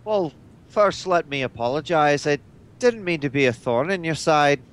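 A man playing an earnest, polite male space traveler in a tabletop game, speaking in a measured, courteous way. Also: fairly high pitch, animated, clean tone, natural voice. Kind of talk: tabletop role-play in character.

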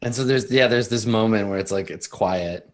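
A man's voice: on the low side, moderate pace. A man running a tabletop role-playing game as game master, narrating scenes with frequent ums and uhs.

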